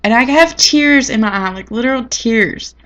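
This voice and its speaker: A woman's voice: on the high side, moderate pace, fairly bright tone. A woman telling a personal story in a chatty, dramatic, folksy way. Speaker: vlogger. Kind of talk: casual storytelling to camera.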